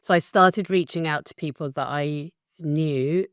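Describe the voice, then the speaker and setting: A woman in her fifties recounts her own story on a podcast, candid and animated, leaning hard on key words. Her voice sits low, and the recording is dry and close. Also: a little slow, no echo. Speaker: guest, facilitation business founder. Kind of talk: podcast interview, personal storytelling.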